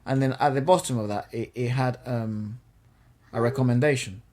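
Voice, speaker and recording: A man's voice: medium pitch, normal speed, crowd noise. Jokey man reading lyrics. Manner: swears casually, jokey, uses British slang. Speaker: co-host reacting to music videos. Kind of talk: casual reaction chat, reading lyrics aloud.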